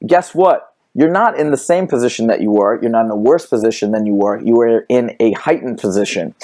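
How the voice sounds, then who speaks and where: Energetic male podcast host. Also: medium pitch. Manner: energetic, emphatic with repeated interjections. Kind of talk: podcast interview. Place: Los Angeles studio.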